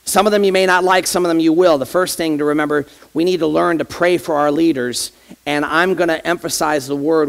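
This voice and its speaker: Male pastor, sermon, gravelly, fairly high voice, talks straight to the congregation, rhetorical questions. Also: fairly even intonation, a little fast. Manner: conversational, addresses the congregation directly with rhetorical questions. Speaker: associate pastor.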